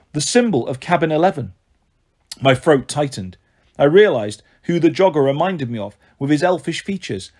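A man narrating a first-person story as an audiobook reader, in a lively, expressive way. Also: a little high.

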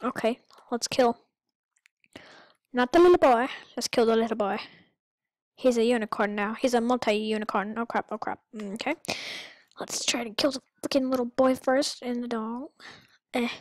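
A woman giving goofy, rambling let's-play commentary with sudden excited outbursts. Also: fairly high pitch, moderate pace, no room sound. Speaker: gamer.

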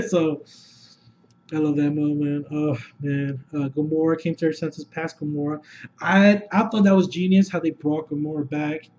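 Excitable, foul-mouthed man with a high voice. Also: dull audio, a little hiss or hum. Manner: excitable, rambling, heavy swearing. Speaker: movie reviewer. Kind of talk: unscripted video review.

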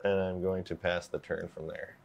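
Deep-voiced British man. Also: level tone, moderate pace, creaky, a little hiss or hum. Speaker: card game player. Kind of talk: casual game chat.

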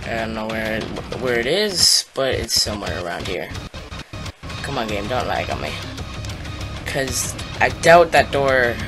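A young man giving casual, rambling commentary on a shooter game, mocking himself and loudly taunting the enemies. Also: fairly low pitch, sing-song, unhurried. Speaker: gaming YouTuber. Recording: game music playing behind the voice.

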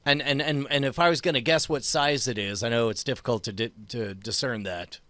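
A man's voice: mid-range voice, steady tone, fairly quick, a bit bright, no echo. A man playing a tabletop game, stammering and sarcastic as he describes his character's actions. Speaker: player. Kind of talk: tabletop role-play banter.

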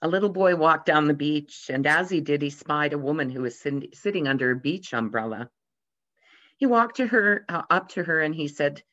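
A pastor's sermon, recorded with dull lo-fi sound in a church, features light humorous anecdotes told gently at a moderate pace in a mid-range voice. When quoting characters, he lifts his voice briefly and animates them.

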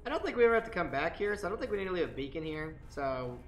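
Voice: mid-range voice, sing-song, racing, soft background music. A streamer giving casual, chatty commentary over a game, swearing often and joking. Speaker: gaming streamer.

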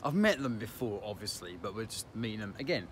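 A man vlogs a family day out at a park and in a car, chatting casually, joking, and chuckling at his own lines as he films. His voice is lowish and very animated, and he speaks at a quick pace over background noise.

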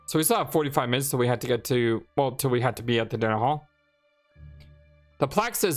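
Low-voiced chatty woman gaming. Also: lively intonation, quick pace, pauses often, soft background music. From Ireland. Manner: chatty, reads on-screen text aloud, muses to herself. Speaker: let's play gamer. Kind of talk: casual game commentary.

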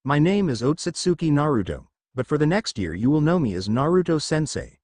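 A man's voice: a little high, big pitch swings, brisk, darkish tone, no room sound, clean studio sound. A man voicing an offhand, all-powerful young male ninja in a story reading. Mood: cocky.

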